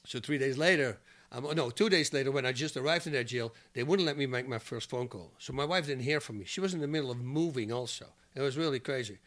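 A man as a podcast guest, telling lively anecdotes and laughing through his own stories. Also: medium pitch, quick pace, few pauses. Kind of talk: animated storytelling.

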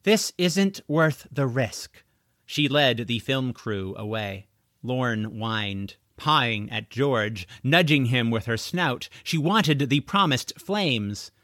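A man reading a children's novel aloud as its narrator, in expressive storytelling. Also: mid-range voice, takes it slowly, no room sound, studio quality. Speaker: audiobook narrator. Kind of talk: scripted narration.

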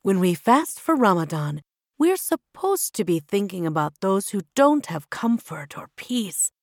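A woman voicing a proud, gentle queen mother who reassures her daughter. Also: medium pitch, sing-song, measured pace, no echo, studio quality.

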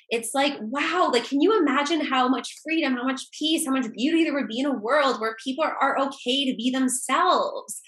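A woman's voice: high-pitched, a bit bright. A woman co-hosting a group call, talking in a casual, heartfelt and emotional way.

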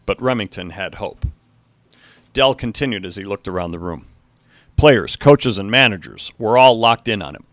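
A man's voice: on the low side, animated, normal speed, fairly bright tone, no room sound, studio quality. A man narrating a story, reading steadily and now and then correcting a slip.

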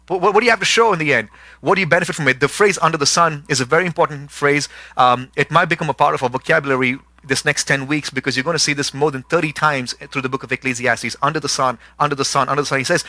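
A man's voice: fairly high pitch, racing, pushed and bright, no echo. A middle-aged man preaching a sermon as pastor, repeating words for emphasis and building to emphatic intensity.

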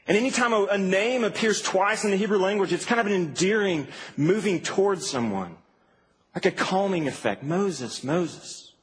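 A man preaching a sermon in a church, conversational and animated, with asides to the congregation. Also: high-pitched, fairly quick. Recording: reverberant hall, faint background hum.

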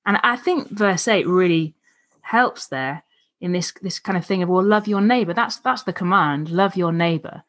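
A woman's voice: on the low side, moderate pace. Thoughtful woman discussing scripture. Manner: thoughtful, warmly affirming, tag questions. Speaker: co-host discussing a Bible passage. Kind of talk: casual Bible study discussion.

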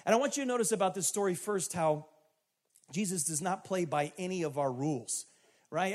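A pastor preaching to his church in a high, light voice. He keeps a chatty tone, asking questions of the congregation, then builds to emphatic, shouted points. He is a man from the United States. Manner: conversational, emphatic, rising to shouts. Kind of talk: sermon.

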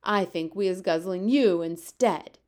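A woman's voice: on the low side, a little slow, natural voice. Bellowing man-eating giants, put on by a woman. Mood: menacing. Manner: shouting, bellowing.

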